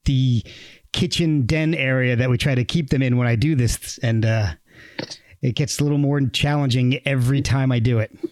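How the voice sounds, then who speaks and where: A man's voice: mid-range voice, fairly even intonation, normal speed, darkish tone, no room sound, studio quality. Middle-aged male podcast host, easygoing. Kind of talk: scripted intro, then casual chat.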